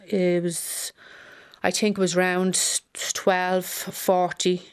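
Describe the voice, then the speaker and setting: A middle-aged Irish woman, a bereaved mother, giving halting personal testimony that repeats phrases as she relives a hard day. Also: lowish voice, monotone, clean tone.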